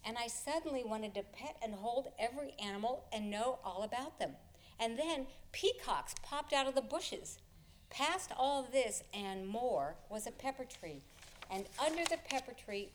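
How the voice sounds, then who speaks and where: Expressive woman telling a story. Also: on the high side, measured pace, slight background noise. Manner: expressive, chuckles through the telling. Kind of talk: live personal storytelling.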